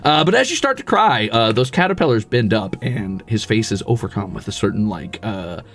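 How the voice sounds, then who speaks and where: A man's voice: lowish voice, expressive, fairly quick, a bit bright. A man narrating as the game master of a tabletop role-playing game, in a casual way with frequent laughs. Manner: casual, laughs often, uses lots of fillers.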